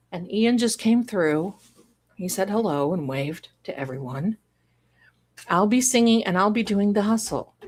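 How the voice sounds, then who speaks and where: A middle-aged woman hosting a casual live stream, chatting with viewers in a rambling way and breaking into song and laughter. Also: mid-range voice. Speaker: livestream host.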